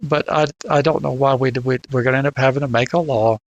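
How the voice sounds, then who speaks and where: A man's voice: mid-range voice, steady tone, quick pace, dull audio. An older man co-hosting a casual podcast discussion, often repeating words as he starts his sentences. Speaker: podcast co-host.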